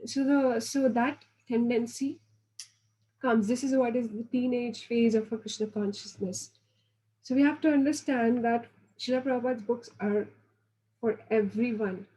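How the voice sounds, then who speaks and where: A woman's voice: fairly high pitch, steady tone, unhurried, mellow, low-quality recording. A woman giving a devotional lecture, earnest and instructive, often restarting phrases and acting out quoted voices. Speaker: spiritual teacher.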